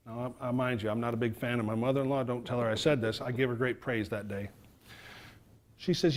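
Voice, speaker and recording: A middle-aged man from New York giving an animated fire safety talk, acting out the voices in his stories. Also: mid-range voice, fairly quick. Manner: animated, acts out quoted voices.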